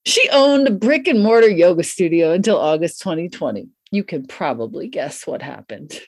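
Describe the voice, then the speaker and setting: A woman hosting a podcast, introducing her guest in an effusive, excitable way and riffing casually. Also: fairly low pitch, moderate pace, no echo, studio quality. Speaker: podcast host. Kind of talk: warm podcast interview intro. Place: Santa Fe, US.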